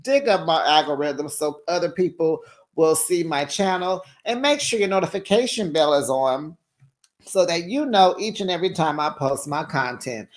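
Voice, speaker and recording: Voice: mid-range voice, animated, moderate pace. A reality TV recap host telling the story to viewers in a sassy, chatty way, full of slang asides and acted-out quotes. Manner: acts out quoted people in changed voices. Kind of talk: casual recap commentary to viewers.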